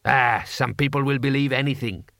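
A man's voice: mid-range voice, fairly even intonation, normal speed, vocal fry, fairly bright tone, no echo, clean studio sound. A man voicing a shrewd, casual male street trader who talks in an offhand, unbothered drawl.

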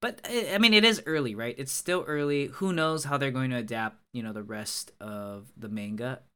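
A man at a mid pitch co-hosting a loose podcast conversation. He rambles, hunts for names and fills his speech with "like" and "dude", with a light, easygoing delivery. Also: normal speed, a bit bright, smooth. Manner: rambling, searches for words, says "like" and "dude". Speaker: podcast co-host. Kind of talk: casual chat.

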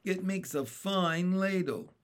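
A sensible, capable older sister, voiced by a man reading a storybook. She explains things calmly and matter-of-factly, slowly and in a slightly high voice.

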